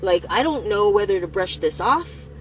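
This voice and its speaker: A woman telling a personal story to the camera, in a candid and profane way, speaking slowly at first and then getting heated. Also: medium pitch, animated, slight background noise, rough recording. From United States.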